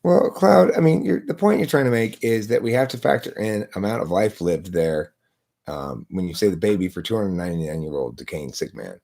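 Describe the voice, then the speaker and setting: A man's voice: on the low side, lively intonation, fairly quick, creaky, mellow. A man hosting a live stream, arguing points in a lecturing way and posing rhetorical questions to himself, speaking into a laptop. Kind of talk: casual philosophical debate.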